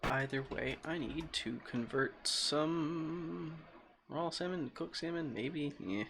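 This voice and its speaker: A young man streaming a game, rambling and joking in a casual, often quiet voice, talking into a desk microphone at home. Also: fairly high pitch, takes it slowly, gravelly, a little hiss or hum. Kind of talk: casual gaming stream commentary.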